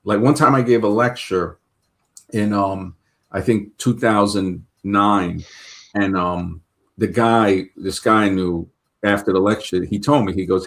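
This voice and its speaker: Low-voiced New host, chatty and rambling, trips over his own words. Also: steady tone, unhurried. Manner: rambling with many restarts and stammered repeats. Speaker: show host. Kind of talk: casual talk-show conversation.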